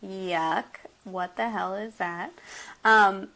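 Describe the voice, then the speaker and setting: A woman's voice: mid-range voice, steady tone, very slow, pushed and bright. An American woman co-hosting a casual movie-review podcast, laughing often as she talks. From United States. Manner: giggly, often laughing mid-sentence. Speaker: podcast co-host.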